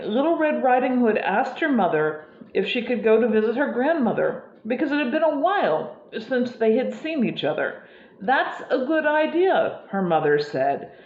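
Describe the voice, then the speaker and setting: A woman preacher telling a fairy tale in a sermon, unhurried, with fillers. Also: medium pitch. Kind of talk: sermon storytelling. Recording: echoey room, slightly dull sound.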